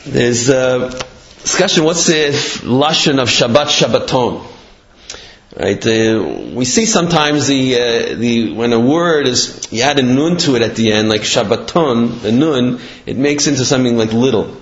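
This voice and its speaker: A man giving a Torah talk, halting and restarting as he explains and tells a parable. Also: mid-range voice, expressive, a little hiss or hum. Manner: halting, with many fillers and restarts. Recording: echoey room, dull lo-fi.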